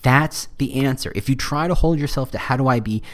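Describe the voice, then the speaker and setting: A man's voice: mid-range voice, a little fast. A man hosting a podcast, giving advice in a casual, joking monologue with self-deprecating asides. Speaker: podcast host.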